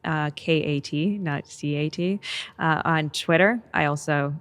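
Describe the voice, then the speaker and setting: Low-voiced, chatty female writer guest. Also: unhurried. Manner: chatty, hesitant, laughs often. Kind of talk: casual interview chat.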